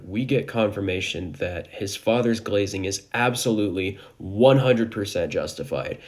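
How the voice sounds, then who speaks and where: A man's voice: low voice, vocal fry. A man narrating a manga chapter recap in a casual, enthusiastic way, with joking asides.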